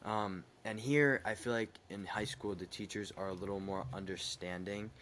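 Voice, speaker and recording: A young man chatting on a podcast, telling a story in a heated, animated way with some swearing. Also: on the low side, moderate pace, slight background noise. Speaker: podcast co-host. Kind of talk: casual podcast chat.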